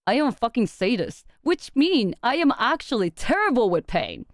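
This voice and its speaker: A young woman streaming to her viewers, chatting casually and animatedly, laughing often, swearing for effect, and dropping in quick Japanese phrases. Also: on the high side, sing-song, no echo, clean studio sound.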